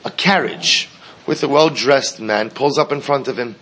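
A man teaching a story, reading a text aloud and translating it line by line in an animated way. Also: mid-range voice, moderate pace, slight background noise. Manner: animated, repeats words as he translates.

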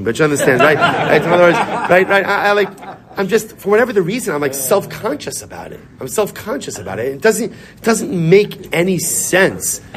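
A man leads an informal Torah class in a synagogue, talking with animated energy and hammering points by repetition. His voice sits at an ordinary middle pitch, and he mixes Hebrew and Yiddish terms into his English. A faint hiss of the room runs underneath. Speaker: rabbi.

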